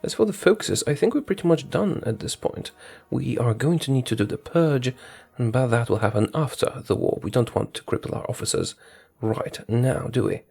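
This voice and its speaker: Gravelly man narrating his strategy game. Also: mid-range voice, moderate pace, hardly any pauses, darkish tone. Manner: thinks aloud, talks to his units, corrects himself. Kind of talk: casual gameplay commentary.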